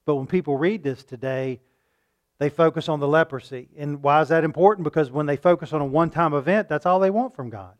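A man preaching a sermon, asking his listeners questions and acting out loud pleas now and then. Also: fairly high pitch, fairly quick. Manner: shifts between calm teaching and loud acted-out pleading; rhetorical questions to the congregation.

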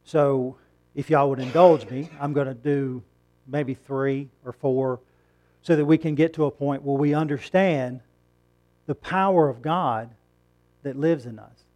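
A man's voice: medium pitch, steady tone, unhurried, a little mellow. A middle-aged man preaching a sermon in a conversational way, rising to emphatic points and asking the congregation questions. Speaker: pastor.

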